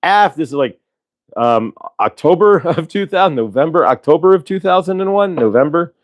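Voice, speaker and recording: A man's voice: a little high, expressive, moderate pace. Rambling man hosting a livestream. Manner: rambling, keeps adding "right?". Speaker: livestream host. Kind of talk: casual livestream chat.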